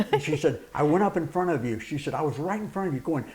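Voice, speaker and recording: A man's voice: a little high, quick pace, hardly any pauses. A middle-aged man, a preacher and former wrestler telling a story as a guest in an interview, acting out the quotes. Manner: animated anecdote with acted-out quotes and laughter.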